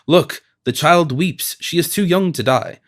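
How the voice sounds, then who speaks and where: A man's voice: medium pitch, normal speed, close to an everyday voice. A man reading the part of a fierce, vengeful male warrior who taunts his captives. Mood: taunting. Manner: taunting, menacing.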